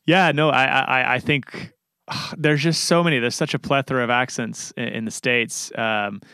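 Guy rambling happily about movies, smooth clear voice, close dry mic. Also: mid-range voice, steady tone, moderate pace, pushed and bright, no echo. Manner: rambling, many restarts and fillers, enthusiastic. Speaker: podcast co-host. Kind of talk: casual chat.

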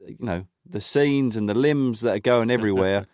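A man's voice: on the low side, normal speed, a little mellow, dry recording, studio quality. A man co-hosting a casual football podcast, reminiscing in a rambling way with plenty of fillers. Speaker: podcast co-host.

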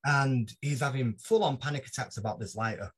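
A man telling a long story as a podcast guest, animated and laughing often, slipping into voices for the people in it. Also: medium pitch, fairly quick, slightly rough. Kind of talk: casual anecdote telling.

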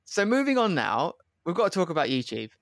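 A quick-talking man hosts an interview and asks loose conversational questions. His voice sits in a dry, close room. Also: a little high, sing-song, a bit bright, dry recording. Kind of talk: podcast interview.

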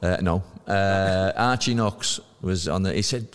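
A man in his fifties, a podcast guest telling lively anecdotes and acting out the voices of people he quotes. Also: low-pitched, normal speed, clean tone, in a large hall. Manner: lively storyteller who acts out quoted voices. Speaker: podcast guest, former footballer.

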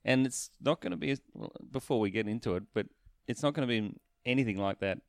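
A man's voice: mid-range voice, brisk, no echo. A man, co-hosting a casual football podcast, analytical and stat-driven with dry humour. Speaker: podcast co-host. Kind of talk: casual sports chat.

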